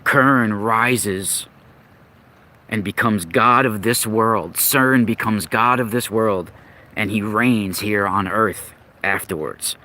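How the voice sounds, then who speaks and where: A man's voice: fairly low pitch, slow, pushed and bright. A man hosting a podcast, telling old myths in a rambling, unscripted way, often restarting and searching for words. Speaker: podcast host. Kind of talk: casual monologue on myth and occult lore.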